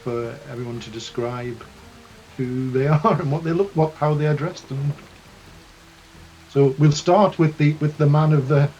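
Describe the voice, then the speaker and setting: A man's voice: a little high, unhurried, a little mellow, soft background music. A man narrating a tabletop game in a rambling, hedging way. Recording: dull lo-fi mic with hiss.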